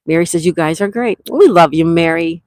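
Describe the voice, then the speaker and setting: A woman's voice: lowish voice, brisk, darkish tone. Chatty woman greeting her live viewers. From Western New York. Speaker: livestream host. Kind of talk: casual live chat, reading comments aloud. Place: campsite cabin.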